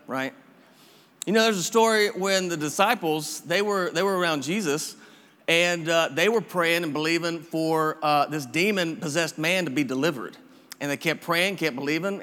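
A man's voice: fairly high pitch, a bit bright. A man preaching a casual, encouraging sermon full of repetition and restarts. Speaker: pastor. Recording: long hall reverb.

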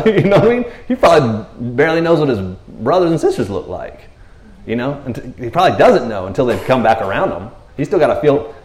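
A man gives a relaxed, chatty sermon, retelling scripture in his own words and laughing as he goes. His voice sits at an ordinary pitch. The room around him is echoey. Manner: conversational, animated, laughs often, keeps saying "you know what I mean". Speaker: preacher. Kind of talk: casual sermon.

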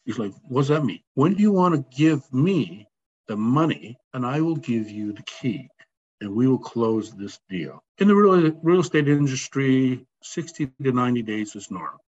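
A man telling a personal story as a podcast guest, animated and acting out the voices of the people in it. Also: medium pitch, moderate pace. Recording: slightly dull sound, faint background noise.

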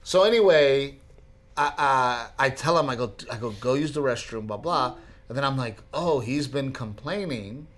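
At a moderate pace and medium pitch, a podcast co-host in his thirties chats casually. His stories come alive through plenty of acted-out voices.

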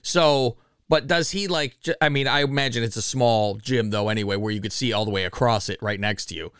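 A man hosting a podcast, asking quick questions and throwing in jokes. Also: mid-range voice, fairly bright tone, clean tone, dry recording. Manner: joking interjections, quick questions. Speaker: podcast host. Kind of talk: casual podcast chat.

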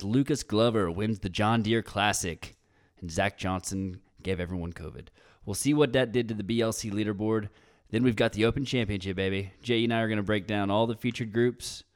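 A young adult man hosting a podcast in casual chat, joking and crude, laughing often. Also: lowish voice. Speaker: podcast host.

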